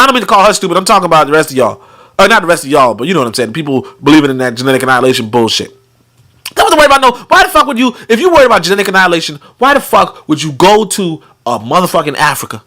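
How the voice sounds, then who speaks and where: A young man hosting a show, reading from a book and breaking off into excitable, profanity-heavy commentary with frequent laughter. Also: high-pitched. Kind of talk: animated casual commentary.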